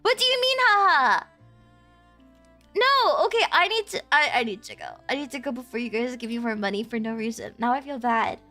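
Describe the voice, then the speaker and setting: A woman's voice: high-pitched, animated, fairly quick, bright, forceful tone, faint music behind. A woman streamer chatting casually with her viewers, playful and teasing, often giggling.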